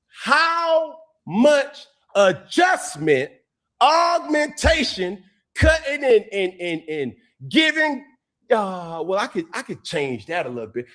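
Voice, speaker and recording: A man as a guest on a sports talk show, speaking emphatically and now and then raising his voice to a shout. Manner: emphatic, preachy, swings in pitch.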